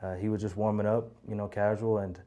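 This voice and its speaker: A man in his thirties speaking in a relaxed way with many fillers in an interview. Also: lowish voice, a little fast. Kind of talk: casual interview.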